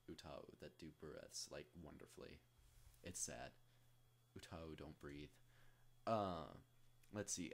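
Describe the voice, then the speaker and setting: Man, very low voice, casual tutorial, rambling, jokey asides. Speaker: tutorial host.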